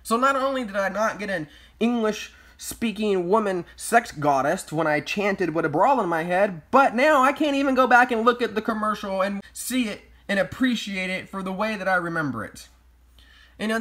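A man's voice: high voice, a bit bright. A man delivering sarcastic, mock-outraged comedic commentary as a vlogger. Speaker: YouTube vlogger.

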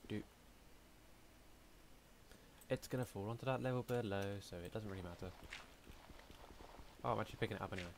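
A man's voice: fairly low pitch, fairly quick, vocal fry, long pauses, noisy background. Man muttering through a game. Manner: chatty, talks to himself, hums and mutters while playing. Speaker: gaming YouTuber. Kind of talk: casual let's-play commentary.

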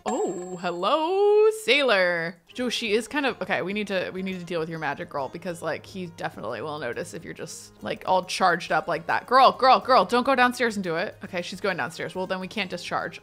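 A woman giving excitable, chatty let's-play commentary as she plays a life-simulation game, squealing over wins. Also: medium pitch, normal speed, hardly any pauses, soft background music. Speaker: gaming video creator.

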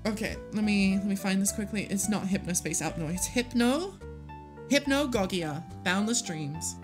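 A young woman livestreaming a video game, excitable, gasping and swearing as she plays. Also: medium pitch, moderate pace, music in the background. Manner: excitable, swears and gasps, lively. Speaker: streamer. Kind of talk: live game stream commentary.

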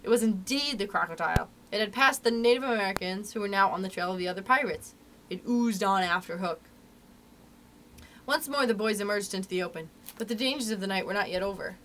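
A young adult woman, a librarian, reading a story aloud to children in an expressive, animated way. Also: medium pitch, brisk, slight background noise.

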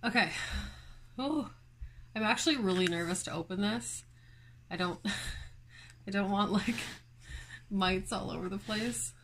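Female vlog host, easygoing chatty delivery with fillers and laughs, slow pace. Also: mid-range voice, a little hiss or hum. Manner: chatty, filler-heavy, giggly, talks to viewers. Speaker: plant channel host. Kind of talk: casual chat vlog. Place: home, indoors.

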